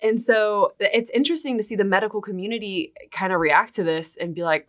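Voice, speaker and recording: A woman's voice: medium pitch, fast talker, fairly bright tone. A woman co-hosting a casual podcast discussion, reading quotes from articles aloud in a chatty way. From Texas. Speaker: podcast co-host.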